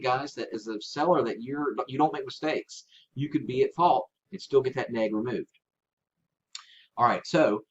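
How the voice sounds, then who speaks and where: Casual man coaching fellow online sellers. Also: mid-range voice. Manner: informal and coaching, often checks in with "right?". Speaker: online seller giving a tutorial. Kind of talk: casual spoken how-to tutorial. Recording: slightly dull lo-fi recording with faint hiss.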